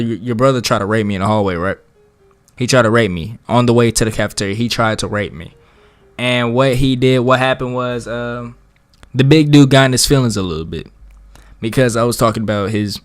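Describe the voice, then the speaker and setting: Profane, swaggering storytime guy. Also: medium pitch. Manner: profane, slangy, dramatic storyteller with big swings in loudness. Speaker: vlogger telling a story. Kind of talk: casual storytime.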